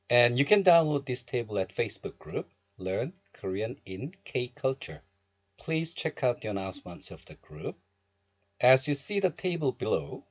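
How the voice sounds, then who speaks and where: A man hosting a language channel, explaining pronunciation slowly and repeating sounds for learners. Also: mid-range voice, slightly rough, highs cut off. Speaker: Korean language teacher, channel host. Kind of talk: explaining phonics lesson.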